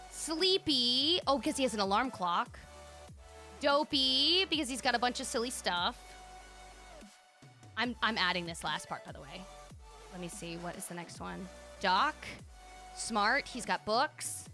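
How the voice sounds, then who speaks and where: A woman streamer with a fairly high voice excitedly comments on a game, gushing and thinking out loud as she tours spaces built by players.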